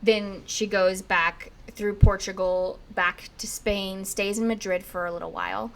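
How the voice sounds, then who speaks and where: Brief: young woman podcast host, casual storyteller, chatty with frequent "like", mid pitch. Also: a little slow, creaky, slight background noise. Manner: chatty, lots of "like", acts out quotes in lively bits.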